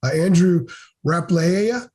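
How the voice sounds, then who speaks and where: A man's voice: sits high, expressive, takes it slowly, darkish tone, breathy edge. A man hosting a casual podcast discussion, leading the questions with a self-deprecating manner. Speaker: podcast host.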